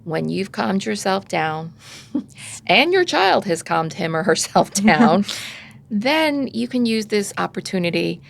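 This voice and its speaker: A woman's voice: medium pitch, sing-song, a little slow, gravelly. A middle-aged woman giving casual parenting advice in conversation, sometimes acting out parent and child voices. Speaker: parenting podcast guest expert.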